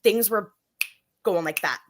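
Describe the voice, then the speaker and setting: A woman in her thirties, a podcast guest, telling a story in a casual, animated way with many fillers. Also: medium pitch, a little slow. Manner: animated, filler-heavy, acts out voices in quotes.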